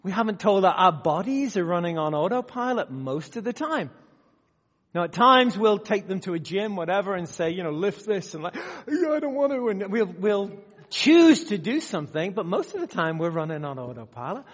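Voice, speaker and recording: A man preaching a sermon to a live audience, swinging between loud emphatic bursts and quiet asides and often putting questions to the room. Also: sits high, sing-song, moderate pace. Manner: asks the audience direct questions. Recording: long hall reverb.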